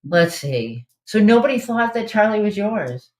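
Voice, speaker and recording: A woman's voice: mid-range voice, sing-song, measured pace, a little mellow. A woman hosting a live online trivia game in a casual, chatty way, reading out answer options and laughing often. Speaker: trivia host.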